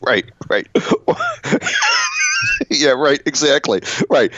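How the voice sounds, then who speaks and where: Speaking slowly with long pauses, a podcast co-host with a mid-range, slightly bright voice rambles through casual comedic banter, cutting himself off and laughing often. The dull, dry lo-fi recording carries slight background noise.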